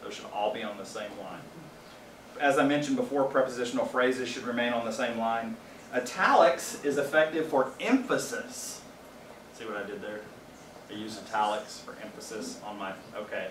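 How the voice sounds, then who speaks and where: A man's voice: lowish voice, fairly even intonation, fast, slight background noise. A man giving a casual training presentation to a small group, explaining things plainly with wry asides. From Louisiana. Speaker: faculty trainer. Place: training room with a small audience. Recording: roomy echo, distant mic, faint ambience.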